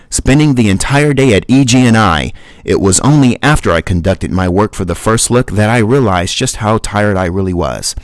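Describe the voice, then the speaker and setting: Brief: man, lowish voice, relaxed storyteller and livestream host, dry recording. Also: dry recording. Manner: relaxed storytelling with fillers and chuckles. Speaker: livestream host and flight sim reviewer. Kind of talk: reading his own story, then casual chat.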